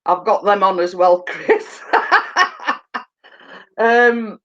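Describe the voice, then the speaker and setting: Chatty woman, slow and giggly. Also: medium pitch. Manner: chatty, laughs often, gossipy storytelling. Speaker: YouTube live streamer. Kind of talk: casual chat with viewers. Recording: dull lo-fi sound.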